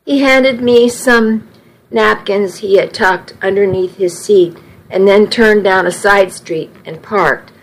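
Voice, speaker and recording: A woman reading a first-person story aloud in a slow, measured way. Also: medium pitch, poor audio. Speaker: narrator.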